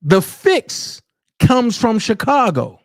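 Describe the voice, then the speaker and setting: A man's voice: extremely high pitch, big pitch swings, takes it slowly, dry recording, clean studio sound. A man hosting a livestream, ranting bluntly with heavy profanity. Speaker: livestream commentary host. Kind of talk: unscripted commentary rant.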